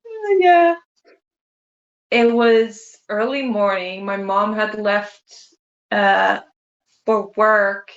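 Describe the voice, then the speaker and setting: A woman with a mid-range voice draws out her words and leaves long pauses as she casually shares funny family anecdotes with her mother, laughing often as she recalls memories. The sound is dull and echoey, as if recorded in a reverberant room.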